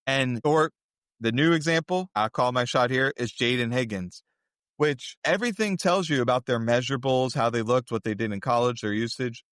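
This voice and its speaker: A man's voice: mid-range voice, normal speed, fairly bright tone, clean tone, dry recording, studio quality. A man co-hosting a podcast, in casual chat, breaking things down in long running explanations. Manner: analytical, talks in long run-on explanations. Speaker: podcast co-host.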